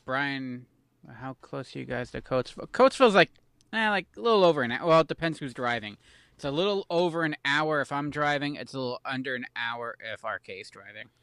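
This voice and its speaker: A man's voice: medium pitch, lively intonation, a little fast, fairly bright tone, clear, resonant tone. A man co-hosting a casual podcast, rambling and self-deprecating as he reminisces. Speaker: podcast co-host. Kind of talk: casual chat.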